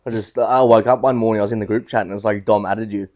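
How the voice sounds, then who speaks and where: Man, podcast guest, relaxed and rambling, slightly low register. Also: quick pace. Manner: laid-back, rambling with many restarts. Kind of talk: casual chat.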